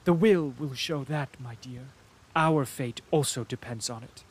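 A man's voice: medium pitch, a little slow, husky. A man reading an audiobook and voicing an anxious, scheming middle-aged mother who pleads and laments dramatically. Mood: plaintive. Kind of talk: audiobook character voice.

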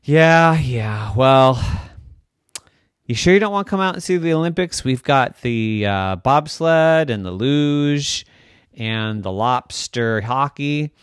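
A man voicing a sly, tricky lobster who coaxes with smooth, salesy talk in a storybook tale. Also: mid-range voice, lively intonation, takes it slowly, no room sound, clean studio sound. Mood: coaxing. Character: sly tricky lobster trying to lure prey.

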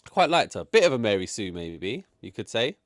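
A man's voice: on the low side, big pitch swings, brisk, no echo, studio quality. A man co-hosting a casual chat, giving blunt, sweary opinions with many fillers. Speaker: podcast co-host reviewing a film.

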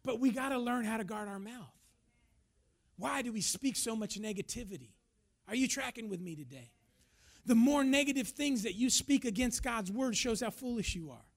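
A man's voice: very high-pitched, animated, normal speed. A man preaching a sermon as pastor, emphatic, now and then acting out the voices of the people he talks about.

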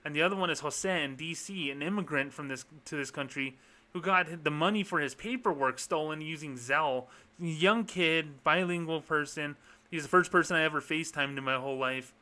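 A man's voice: fairly high pitch, fairly quick, pushed and bright. A man hosting a podcast in a blunt, sarcastic, profane ranting style. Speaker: podcast host.

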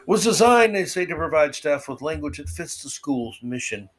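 A man hosting an opinion podcast monologue, sarcastic and mocking, drawing some words out slowly and rushing through quick asides. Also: on the high side, expressive, a bit bright, slightly rough. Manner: swings between slow drawl and quick asides. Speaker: podcast host.

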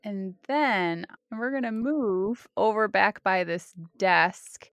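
Upbeat female player, slow and easy delivery, dry close mic. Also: medium pitch, lively intonation, fairly bright tone, no echo. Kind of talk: casual tabletop game play.

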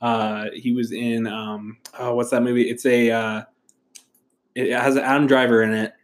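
A man's voice: medium pitch, level tone, unhurried. A man casually chatting about a movie he loved, rambling enthusiastically and full of fillers.

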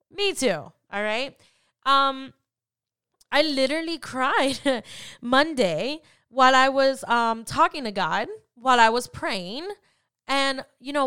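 A woman's voice: high-pitched, bright, forceful tone, clean tone. A woman hosting a faith podcast, talking in an earnest, encouraging way and often repeating phrases for emphasis. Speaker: podcast host.

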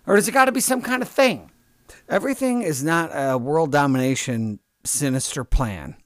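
Sarcastic, high-voiced ranting man. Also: animated, normal speed, no room sound. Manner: sarcastic, profane, rambling. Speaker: podcast host. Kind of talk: comedic rant.

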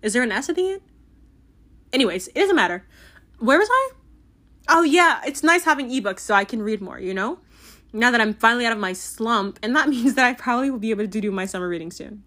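A teenage girl who vlogs about books chats casually about ones she loved, rambling and giggly with lots of fillers. She talks fast in a fairly high, animated voice that sounds pushed and bright.

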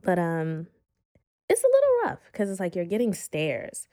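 A woman chatting casually in a group, telling animated stories and acting out quoted voices. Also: on the low side, normal speed, dry recording, clean studio sound. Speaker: podcast guest.

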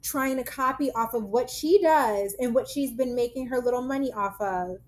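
A woman's voice: a little high, normal speed, darkish tone. A woman chatting casually as a guest, telling stories and acting out quoted remarks. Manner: chatty, storytelling with quoted asides. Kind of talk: casual chat.

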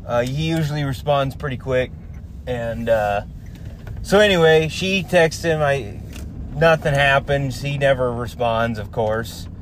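Over a little hiss or hum, a man who works as a contractor speaks at a measured pace in a medium-pitched voice. His story turns into a heated, swear-filled rant that rambles along with many fillers and restarts.

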